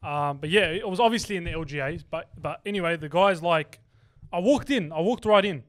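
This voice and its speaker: Young man, teasing banter, casual podcast chat, fairly high voice. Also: a little fast, fairly bright tone. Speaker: podcast co-host.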